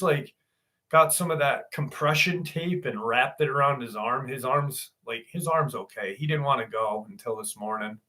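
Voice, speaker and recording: A man's voice: medium pitch, normal speed, bright, forceful tone. A man hosting a live stream, casually telling a rambling story with swearing and frequent laughter. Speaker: host.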